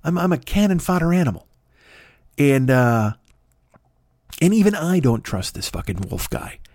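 A dim, distrustful sheep rambles on about its lowly lot, voiced by a man. The delivery is lively, and the sound is dry. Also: moderate pace, no echo. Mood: wary. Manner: rambling, self-deprecating musing. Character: dumb, distrustful flock of sheep.

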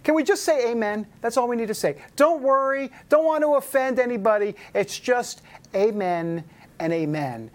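A man's voice: very high voice, animated, moderate pace. A man hosting a casual talk show, joking and teasing in an incredulous tone. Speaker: host. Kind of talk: casual chat.

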